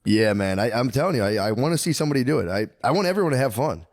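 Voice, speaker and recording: A man's voice: medium pitch, sing-song, rapid-fire, a little mellow, dry recording, studio quality. Rambling male podcast co-host. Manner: rambling storyteller, laughing, swearing. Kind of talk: casual comedic chat.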